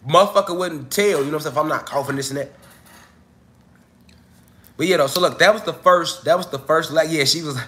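A man's voice: fairly high pitch, a little fast, pauses often, bright, forceful tone. Coughing man chatting loosely on a livestream. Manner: loose, profane, chatty, addresses viewers directly. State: coughing, recovering from illness. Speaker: livestream host. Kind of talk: casual livestream talk.

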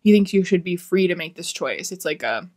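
A woman's voice: on the low side, lively intonation, brisk, a little mellow. A woman giving a casual, rambling book review, sounding exasperated and swearing freely.

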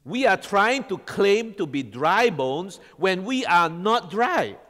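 An animated male pastor preaching in a church hall, his fairly high voice trailing off into a long reverb. He keeps checking in with the congregation and tossing questions back to them. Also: takes it slowly. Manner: animated, quizzes the congregation with repeated "all right?". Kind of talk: sermon.

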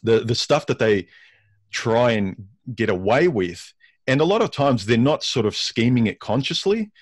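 A man's voice: mid-range voice, animated, dry recording. A man as a guest in a casual discussion, often repeating words as he works out his thoughts. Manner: halting, repeats words while thinking.

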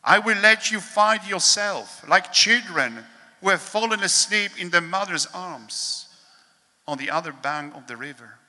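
Slow, bright-voiced priest in a large hall. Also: male voice, high voice, lively intonation. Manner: slow, measured, solemn reading with pauses. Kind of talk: reading a devotional meditation at a holy hour.

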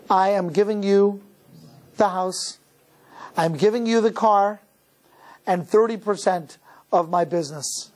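A man voicing a cold, distant husband who talks in a firm, flat way, as he tells a story in a talk. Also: sits high. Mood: formal.

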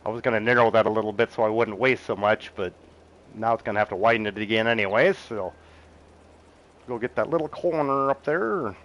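A middle-aged man plays a farming game and comments on it casually, chatting with viewers, chuckling often and muttering to himself about what to do next. He's a game streamer reading chat as he goes. His voice is fairly low, a bit bright and fairly quick, and the audio quality is poor.

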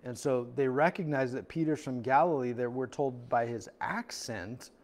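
A man's voice: medium pitch, normal speed. A male pastor preaching a verse-by-verse sermon in a conversational way, acting out the people in the story with little voices. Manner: conversational, acts out quotes with voices. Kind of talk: expository sermon. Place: church.

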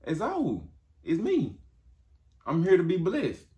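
A man's voice: huge pitch swings, takes it slowly, dark tone, full character voice. A man voicing a desperate young man in a spoken story, pleading with his father in a whiny voice. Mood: pleading upset. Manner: whiny, pleading, high-pitched.

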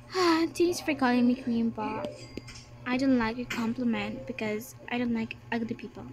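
A woman voicing a snobbish, bossy popular schoolgirl in a toy-game story, with sassy, drawn-out put-downs. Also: on the high side, lightly acted. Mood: snooty. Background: background music.

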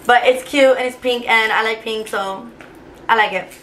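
A woman's voice: fairly high pitch, steady tone, normal speed, a bit bright. A woman in her twenties, a teacher, chatting casually to the camera in a rambling, emotional way with many fillers. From Cuba. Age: 20s. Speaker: vlogger, teacher. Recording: faint background noise.

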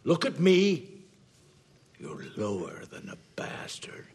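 An actor playing a bitter, ruthless oil-baron father disowning his son, with cold hissing menace that bursts into shouts. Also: fairly low pitch, sing-song, a little slow, vocal fry, husky, whispered, exaggerated voice. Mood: venomous. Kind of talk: amateur film scene re-enactment.

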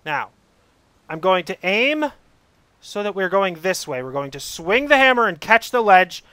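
A young man with a high, bright voice talks through a frustrating game, sliding from muttered planning into furious swearing and yelling. His voice is smooth and clear, and the recording is dry with no room sound. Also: big pitch swings, normal speed, no echo. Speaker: gamer playing a climbing game. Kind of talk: let's play commentary.

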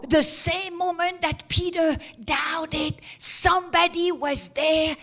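High-voiced woman preaching emphatically. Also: fairly even intonation, slow pace, hardly any pauses. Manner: emphatic preaching with stammered repetitions and shouted peaks. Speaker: pastor. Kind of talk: sermon.

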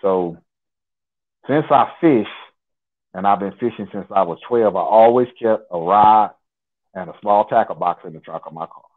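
A man from Nebraska, a guest in an interview, telling a personal story in an unhurried, detailed, conversational way. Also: on the low side. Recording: tinny phone line.

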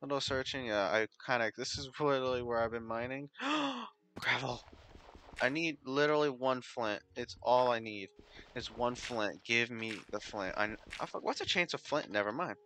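A man's voice: mid-range voice, animated, moderate pace, pushed and bright. A man giving casual gameplay commentary as a channel host, rambling and talking to himself with sudden startled exclamations.

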